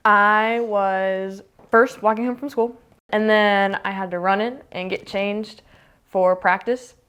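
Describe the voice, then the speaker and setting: A woman's voice: medium pitch, fairly even intonation, slow pace, fairly bright tone, smooth. Young woman, soccer player, documentary interview, chatty, lots of fillers, mid-range voice. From United States. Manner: chatty, filler-heavy storytelling.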